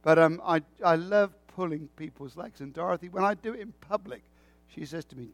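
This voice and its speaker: A man's voice: on the high side, brisk, no echo, soft background music. A man preaching a sermon with a folksy, joking way of telling stories.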